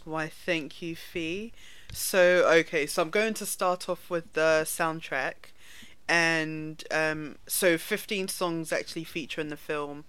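A woman co-hosting a casual film-review podcast, explaining things in a relaxed way with frequent ums. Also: sits low, takes it slowly, clear, resonant tone, no room sound. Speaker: podcast co-host.

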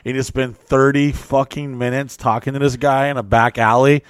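A man's voice: mid-range voice, normal speed, smooth, no echo. A man hosting a casual podcast chat, swearing freely and acting out other people's voices as he tells stories. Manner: profane, animated storytelling with mimicked voices. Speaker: podcast host.

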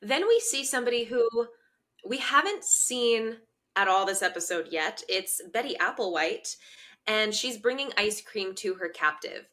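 A woman co-hosting a podcast, chatting casually, reacting quickly and laughing often as she recaps an episode. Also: medium pitch, animated, bright, forceful tone. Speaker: podcast co-host.

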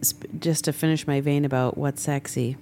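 A woman's voice: deep voice, steady tone, normal speed, mellow, slight background noise. A woman co-hosting a casual podcast from a hotel room, chatty and giggly, full of "like.". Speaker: podcast co-host. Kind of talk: casual chat.

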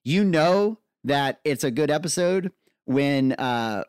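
A young man co-hosting a podcast in casual chat, talking in an excitable, gushing way. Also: fairly high pitch, slow pace, smooth, dry recording, studio quality. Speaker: podcast co-host.

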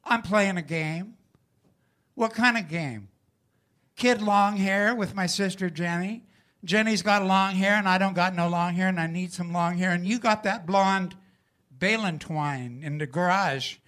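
A man's voice: sits high, measured pace, a bit bright. A man voicing himself as an eager six-year-old boy who pleads insistently. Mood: pleading.

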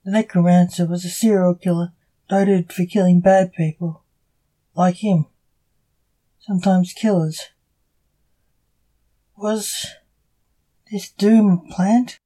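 A woman reading her own story aloud as storyteller, in a slow, even amateur reading. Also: fairly low pitch, poor audio.

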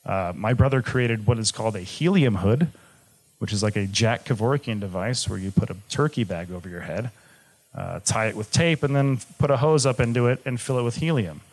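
A man's voice: medium pitch, brisk. A young man from Michigan telling a personal story on stage, candid and swearing freely, moving between jokes and gravity. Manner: candid, swearing, shifts from jokey to grave. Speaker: live storyteller.

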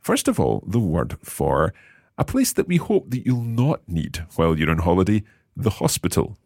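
Deep-voiced man teaching, patient. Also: huge pitch swings, creaky, darkish tone, breathy edge, no echo, studio quality. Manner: patient, encouraging, slows down to repeat phrases. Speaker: language course host. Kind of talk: teaching Italian phrases.

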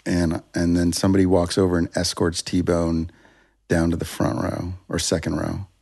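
Deep gravelly man telling a story. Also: completely flat delivery, normal speed, a little mellow. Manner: rambling, self-interrupting, acts out quotes. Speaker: music producer, interview guest. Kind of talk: casual storytelling interview.

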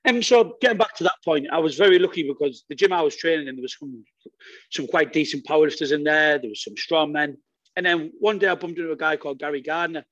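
Man, podcast guest, energetic and sweary, fairly high voice, dry sound. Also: quick pace, dry recording, highs cut off. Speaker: guest strongman athlete. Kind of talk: casual podcast chat.

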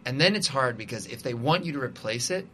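Bright-voiced man rambling casually. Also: mid-range voice, animated, fast talker, slight background noise. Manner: rambling, full of "like" and restarts. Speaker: musician and composer guest. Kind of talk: casual conversation.

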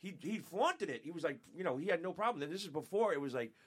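A man from upstate New York, a former radio show staffer, telling profane, animated stories as a guest in a casual chat. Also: a little high, fast, breathy edge. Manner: profane, animated, laughing, acts out quotes.

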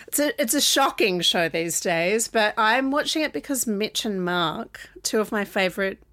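A woman's voice: medium pitch, expressive, normal speed, a bit bright, no echo. A woman co-hosting a pop culture podcast, chatting casually with wry humor and mock crankiness. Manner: wry, complaining with self-aware humor. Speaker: podcast co-host. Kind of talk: casual chat.

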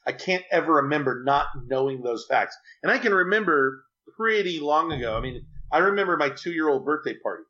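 A man's voice: on the high side, lively intonation, brisk, few pauses, bright, forceful tone, lo-fi sound. A man being interviewed, telling a personal story in an earnest, chatty and rambling way. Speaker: interview guest.

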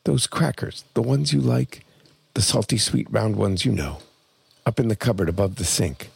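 A man's voice: fairly low pitch, gravelly, breathy edge, pitched above the performer's own voice, heavily acted. A man voicing his frail, bitter older mother near the end of her life, speaking faintly with little strength behind it. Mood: tender. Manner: faint rushing rant, barely above a whisper.

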